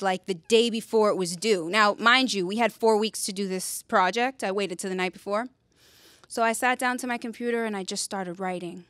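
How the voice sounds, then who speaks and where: Speaking with no room sound around her, a young woman recounts her own story in an earnest, chatty way, full of fillers and rhetorical "right?" tags. Painful memories pull her voice soft and low, while animated retellings lift it back up.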